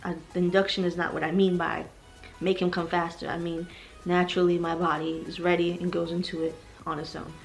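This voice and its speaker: A woman's voice: lowish voice, level tone, brisk, vocal fry, faint music behind. A heavily pregnant young woman vlogging to her viewers, talking in an emotional, rambling way and growing tearful at times. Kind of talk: personal vlog confession.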